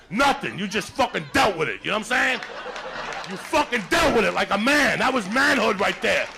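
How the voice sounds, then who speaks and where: A gravelly male comic from Cuba tears through a stand-up set, his voice bright and raspy with fry. He tells rowdy, profane stories to a crowd that laughs along. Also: sits high. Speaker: stand-up comedian. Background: audience laughter.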